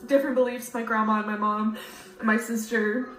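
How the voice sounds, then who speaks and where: A woman's voice: a little high, fairly even intonation, brisk, a bit bright, reverberant, faint music behind, low-quality recording. A woman talking in a casual confessional video, shaky and apologetic as she fights back tears. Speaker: social media poster.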